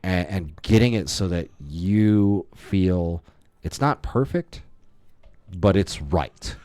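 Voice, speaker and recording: A man co-hosting a casual podcast, telling stories in a rambling, animated way with many restarts. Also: low-pitched, slow pace, clear, resonant tone, no echo. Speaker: podcast co-host. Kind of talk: casual chat.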